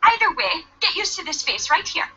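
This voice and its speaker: A woman's voice: very high-pitched, sing-song, a little fast, pushed and bright, exaggerated voice. An actress voicing a chatty, overfamiliar young woman in a video game who is pushy and bubbly. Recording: dull lo-fi game audio.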